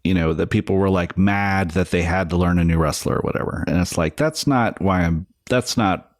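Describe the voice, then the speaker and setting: A man's voice: low voice, moderate pace, dry recording, clean studio sound. A man co-hosting a podcast in casual chat, rambling along with restarts and lots of "you know". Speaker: podcast co-host.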